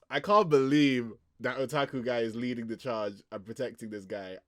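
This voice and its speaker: A young man chatting casually as he reacts to a manga chapter, excitable and quick to laugh, with loose, filler-heavy talk. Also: mid-range voice, no room sound, clean studio sound.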